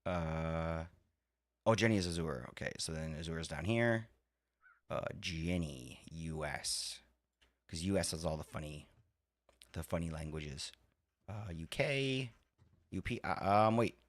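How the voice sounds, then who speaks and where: A man's voice: rumbling low, animated, a little slow, pauses often, no room sound. A man hosting a live stream, chatting casually and rambling between talking to his chat and fiddling with his setup. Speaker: livestream host.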